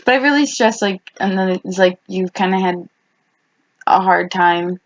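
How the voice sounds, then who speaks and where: A woman's voice: mid-range voice, moderate pace. Rambling young woman podcast co-host. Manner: rambling, filler-heavy storytelling. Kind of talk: casual chat between best friends. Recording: dull lo-fi podcast recording.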